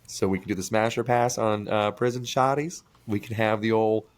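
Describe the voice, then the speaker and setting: A man co-hosting a podcast, chatting crudely and telling animated stories. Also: on the low side, normal speed, no room sound. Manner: crude, animated storyteller, acts out quoted voices. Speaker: podcast co-host. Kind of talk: casual podcast chat. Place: small studio room.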